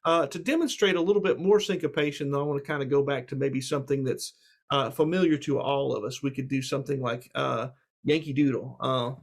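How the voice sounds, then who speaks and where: A man's voice: mid-range voice, fairly quick. A man giving a casual music lecture, reassuring and full of fillers, with guitar playing between his talk. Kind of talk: relaxed spoken lecture with instrument demos.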